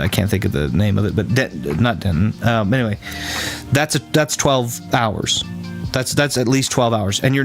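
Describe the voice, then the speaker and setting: Rambling man chatting with viewers. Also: mid-range voice. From Texas. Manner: rambling, thinks aloud. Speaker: streamer. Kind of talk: casual chat with viewers.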